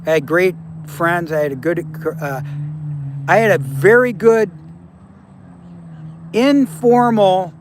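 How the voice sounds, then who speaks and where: A man in his seventies with a fairly high voice talks casually to his viewers, blunt and full of profanity. He hands out preachy life lessons between replies to chat. A faint background noise runs under his voice. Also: slow pace, pauses often. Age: 70s. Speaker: livestream host. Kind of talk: casual livestream talk to viewers.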